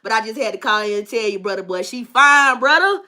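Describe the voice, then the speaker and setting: A woman's voice: on the high side, lively intonation, brisk, bright, forceful tone, pitched below the performer's own voice. A woman voicing a smitten young man who brags to his friend on the phone in heavy slang. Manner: boastful, slangy, drawling.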